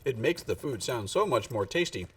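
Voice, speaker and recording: A man's voice: mid-range voice, lively intonation, normal speed, fairly bright tone, a little hiss or hum. A man streaming a game, chatting casually and rambling with lots of fillers as he thinks aloud. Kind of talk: casual live-stream gaming chat. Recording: voice distant from the mic.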